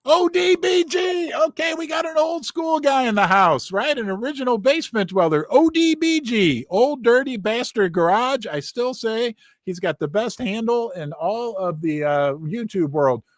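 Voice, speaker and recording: An excitable man hosts a live stream from his basement, calling out viewers' names one after another. His voice sits high for a man and the sound is close and dry. He is losing his voice. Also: normal speed, hardly any pauses, no echo. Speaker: host of a precious metals live stream. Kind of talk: live stream chat greetings. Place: basement room.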